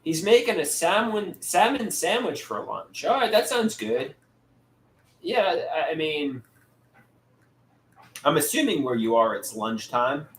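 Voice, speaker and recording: A man hosting a casual livestream, reading out viewers' chat and answering them in a halting way, often repeating words and restarting sentences. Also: a little high, sing-song, fairly bright tone. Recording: roomy echo, faint background noise.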